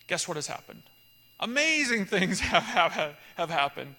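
A man preaching a sermon, earnest and animated, swinging to loud emphatic peaks as he tells stories. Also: sits high, a little slow, creaky, big-room sound. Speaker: pastor.

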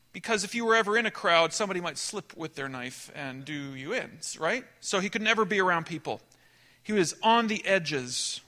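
A man preaching a sermon, telling a story with animated delivery that swings between emphatic and hushed. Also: sits high.

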